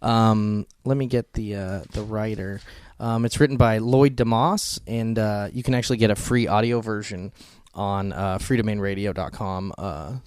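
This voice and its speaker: Low-voiced rambling podcast co-host, a man. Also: moderate pace, few pauses, a little mellow, smooth, no echo. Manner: rambling, full of ums, swears casually. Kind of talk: casual chat.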